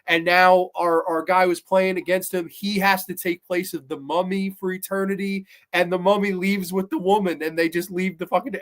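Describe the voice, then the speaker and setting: A man casually reviewing horror TV on his podcast, his voice sitting fairly high for a man. He rambles through plot recaps, swearing freely and restarting his sentences with plenty of fillers. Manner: animated, profane, rambling, many fillers and restarts. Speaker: podcast host.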